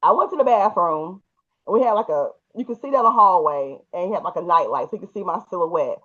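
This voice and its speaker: A woman hosting a podcast, telling a personal story in a lively way, laughing often and acting out the people in it. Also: fairly low pitch, fast. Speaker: podcast host. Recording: muffled, dull audio.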